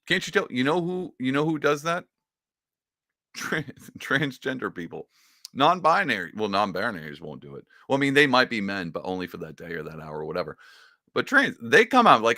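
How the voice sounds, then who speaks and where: A man talks through a casual reaction commentary with a bright, forceful edge to his voice. His pitch swings up and down freely as he mocks what he is watching. The sound is close and dry, with no room around it. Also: sing-song, fast, dry recording. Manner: sarcastic, mocking, rambling. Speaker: political commentary host.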